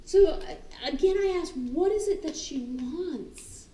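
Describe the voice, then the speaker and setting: A woman who trains dogs, talking casually and animatedly, often acting out the dogs' thoughts and her own excited calls. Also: very high voice, a little slow. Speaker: dog trainer. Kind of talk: casual talk on dog training. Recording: roomy, distant mic, faint ambience.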